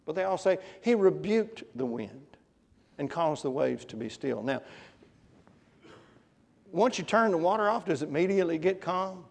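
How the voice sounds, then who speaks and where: A man's voice: on the high side, expressive, normal speed, creaky, pauses often, long reverb tail. A man preaching a conversational sermon, often putting questions to his congregation. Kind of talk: interactive Bible class sermon. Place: church.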